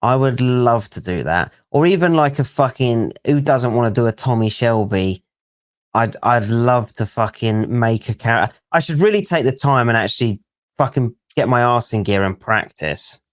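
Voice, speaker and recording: A man hosts a casual podcast chat, asking eager, halting questions. His voice sits at an ordinary pitch. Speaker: podcast host.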